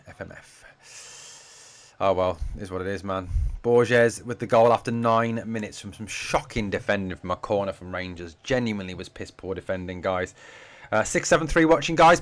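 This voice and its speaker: Casual man commentating a match live. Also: fairly low pitch. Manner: chatty, swears freely, reads out viewer comments. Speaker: fan channel host doing a live watch-along.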